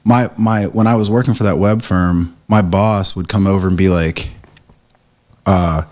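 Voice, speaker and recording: A middle-aged man from the United States, a print shop owner chatting as a podcast guest, telling lively stories and acting out quotes. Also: sits low, unhurried. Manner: animated storyteller, acts out quotes with swearing. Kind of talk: casual conversation.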